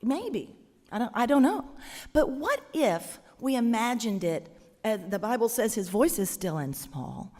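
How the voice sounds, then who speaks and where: Woman preacher, unhurried, musing sermon delivery, church echo. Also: fairly high pitch, sing-song, a little mellow. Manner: conversational, musing, hesitant. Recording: long church reverb.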